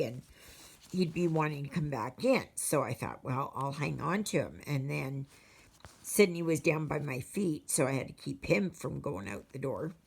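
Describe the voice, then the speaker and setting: Slow, gravelly Canadian woman vlogger. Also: low voice, darkish tone. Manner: rambling, chatty storytelling with many fillers. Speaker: cross-stitch vlogger. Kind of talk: casual chat to viewers.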